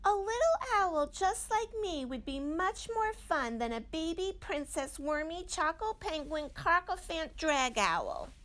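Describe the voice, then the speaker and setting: A woman voicing an excitable young boy owl chick with high-pitched, squealing protests. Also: unhurried, few pauses, exaggerated voice. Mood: excited.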